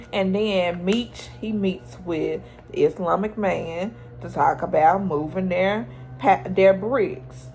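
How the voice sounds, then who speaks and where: A woman's voice: lowish voice, gravelly, slight background noise. A woman recapping a TV episode in chatty, slangy storytelling, acting out the characters' lines. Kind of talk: casual TV recap.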